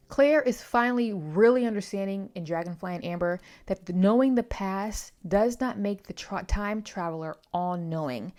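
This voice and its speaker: A woman's voice: on the low side, lively intonation, brisk, hardly any pauses, a little mellow. A young woman reviewing a novel in a casual, chatty vlog, with many asides and self-corrections. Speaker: book reviewer.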